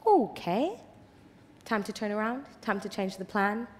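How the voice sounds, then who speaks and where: A woman pastor preaching a passionate sermon in a large church hall, swinging from hushed tones to loud declarations. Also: mid-range voice, animated, unhurried, a little hiss or hum. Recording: long hall reverb.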